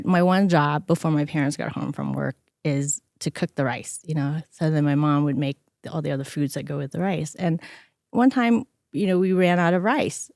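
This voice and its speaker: Middle-aged woman guest, lively storyteller with a lower pitch, recorded close and dry. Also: no room sound. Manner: animated, acts out quoted voices. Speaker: interview guest. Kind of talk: conversational storytelling.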